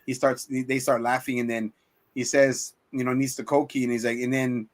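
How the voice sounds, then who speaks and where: A man in a loose movie review chat, retelling scenes in a rambling way, full of swearing and quick acted-out quotes. His voice sits at a middling pitch. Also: flat delivery. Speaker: podcast co-host.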